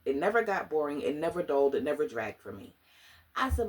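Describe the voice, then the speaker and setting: A woman's voice: sits low, fairly quick. Woman gushing about books on her vlog, slangy and dramatic, voice jumps all over the place. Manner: animated, slangy and dramatic, often laughing. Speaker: book vlogger. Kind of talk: casual book review vlog.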